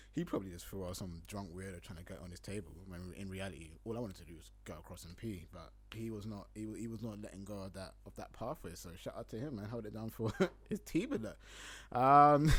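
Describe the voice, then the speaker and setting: A young man with a London accent, hosting a podcast and telling a casual story, acting out his own lines and laughing often. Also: fairly low pitch. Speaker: podcast host.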